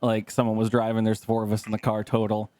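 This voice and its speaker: A man's voice: fairly low pitch, completely flat delivery, fast, darkish tone, no echo. Rambling laughing male podcast co-host. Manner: rambling, laughing, swearing, acts out quotes. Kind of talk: casual chat, storytelling.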